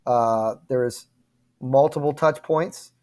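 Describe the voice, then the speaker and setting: A man's voice: medium pitch, slow pace, darkish tone. A man hosting a trading channel, talking viewers through charts in a casual, emphatic way, often checking in with "okay?" and "right?". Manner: emphatic, repetitive, addresses viewers directly with frequent "okay?" and "right?"; apologetic and frustrated at times. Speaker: crypto trading channel host.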